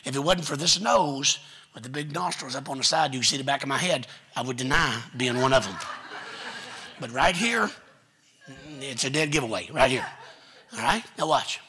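Raspy folksy preacher, man. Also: medium pitch, animated, normal speed, bright, forceful tone. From Texas. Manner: folksy storytelling preacher, quotes family members. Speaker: pastor. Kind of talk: sermon. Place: church sanctuary.

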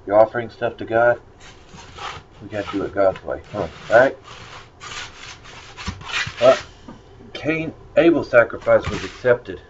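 A man's voice: lowish voice, measured pace, long pauses. A man giving a casual Bible lesson, rambling and conversational with many fillers. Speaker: Bible study teacher. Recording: dull lo-fi recording with faint noise.

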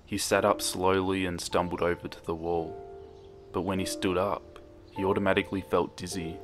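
A young man reading a horror story aloud in a calm, measured narration, recorded as a voice-over. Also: deep voice, music in the background.

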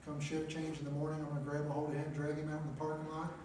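A middle-aged man telling a testimony from the pulpit of a small chapel, plainspoken and full of filler words. His voice sits a little high for a man. It is picked up from some distance and rings through the room. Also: completely flat delivery, racing, a little mellow, a little hiss or hum. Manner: plainspoken storyteller, many "uh" and "make a long story short". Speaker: preacher. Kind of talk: testimony sermon. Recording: echoey chapel, mic at a distance.

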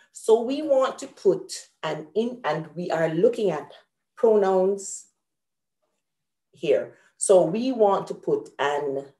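A woman's voice: lowish voice, warm tone, reverberant. A woman hosting an online grammar lesson, patiently explaining each example step by step. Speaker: host and teacher.

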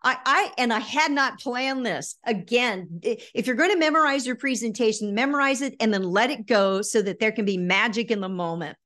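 A middle-aged woman giving a lively virtual workshop on presentation skills, telling stories and breaking into snatches of song. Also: on the high side, normal speed, hardly any pauses. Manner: animated storyteller, bursts into snippets of song.

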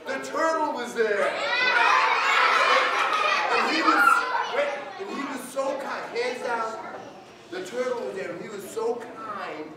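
A man in his sixties tells a story to a room full of schoolchildren, lively and playful as he calls on them for answers. He is picked up from far away in a very echoey hall, with clear background noise around him. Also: very high voice, a little slow, over a noisy crowd. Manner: animated, calls on the audience, playful.

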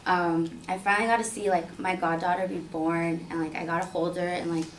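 A young woman telling a personal story in a casual, filler-heavy, animated way. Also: fairly low pitch, a little fast, a little hiss or hum. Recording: roomy sound from a distant mic.

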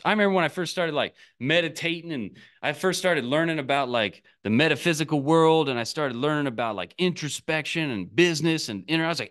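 A man's voice: fairly high pitch, very animated, fast talker, fairly bright tone. A man giving a candid, casual motivational talk as an online business coach, cursing freely and acting out his past self.

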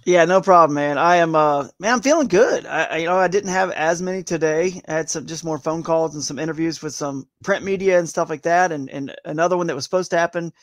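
A man's voice: on the high side, brisk, few pauses, no echo. A man chatting as a guest on a live interview show, rambling and upbeat, saying "man" and "dude" a lot. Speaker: guest, tournament kayak angler.

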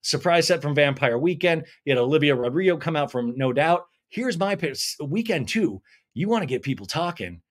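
A man's voice: a little high, moderate pace, few pauses. Tipsy, rambling male podcast host. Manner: animated, rambling, chatty. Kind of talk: casual comedic TV recap.

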